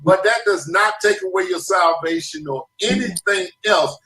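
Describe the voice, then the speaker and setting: A man with a high, bright voice preaches emphatically as the host, his words rising toward a shout at times. He sounds set back from the mic in a roomy, echoing space. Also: moderate pace, distant mic. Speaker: show host. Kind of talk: preachy talk-show commentary.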